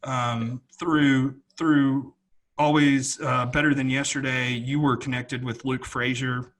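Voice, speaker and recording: A man's voice: mid-range voice, level tone, slow, a bit bright. A man co-hosting a podcast, talking earnestly in a casual, rambling way with many restarts. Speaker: podcast co-host. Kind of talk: casual chat.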